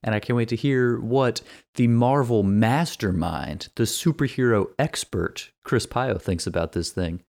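A man's voice: mid-range voice, a little slow, creaky, a little mellow. A man hosting a casual podcast, giving upbeat, rambling introductions. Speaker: podcast host.

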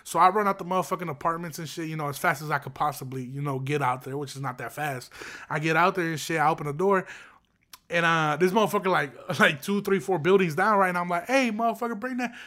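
Young man, slightly raised pitch, profane and animated, a casual storyteller. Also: quick pace. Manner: animated, profane street slang, frequent "bro" and "you feel me". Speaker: property manager.

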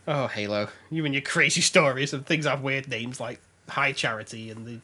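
A man's voice: mid-range voice, measured pace, over a noisy crowd. A man hosting a podcast in casual chat, laughing often and swearing freely with a sarcastic edge. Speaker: podcast host.

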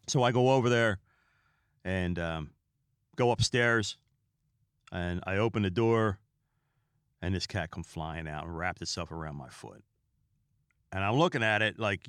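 A podcast host with a fairly low male voice tells stories in a loose, rambling way, stopping often to talk straight to his listeners. The recording is dry and close, with almost no room sound. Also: normal speed, pauses often, fairly bright tone, clean tone, no echo. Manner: rambling, chatty, with asides to listeners. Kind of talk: casual comedic storytelling.

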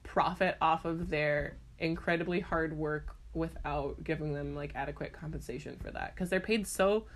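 Low-voiced young woman, rambling chat. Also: moderate pace, hardly any pauses. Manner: rambling, lots of "like" and "um"; sincere, frustrated about unfairness. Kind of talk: casual chat.

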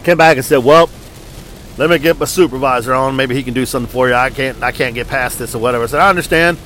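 A man's voice: medium pitch, fast, fairly bright tone, a little hiss or hum, poor audio. A man venting angrily in a casual, profane, rambling story.

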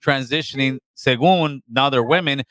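A man's voice: medium pitch, moderate pace, fairly bright tone, dry recording. A man hosting a call-in talk show, speaking casually and calling callers brother. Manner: laid-back, calls people brother and man.

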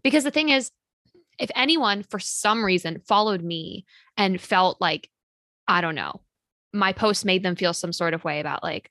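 A woman's voice: on the low side, animated, measured pace, a bit bright, no echo. Woman, podcast host, casual chat, lots of "like", dry recording. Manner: chatty, practical, frequent "like" fillers.

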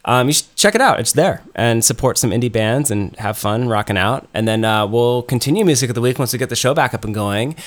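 A man's voice: mid-range voice, fairly quick, hardly any pauses. A man co-hosting a podcast in casual chat, rambling with lots of ums and restarts. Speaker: podcast co-host.

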